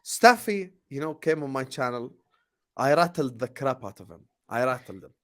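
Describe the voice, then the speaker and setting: A man's voice: medium pitch, lively intonation, normal speed. A man ranting passionately about football, swinging into mocking impressions. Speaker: football fan pundit. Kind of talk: heated fan rant.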